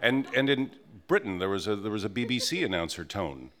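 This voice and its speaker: A man hosting a radio interview show, talking in a measured, reflective way with a few hesitations. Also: fairly low pitch, expressive, a bit bright.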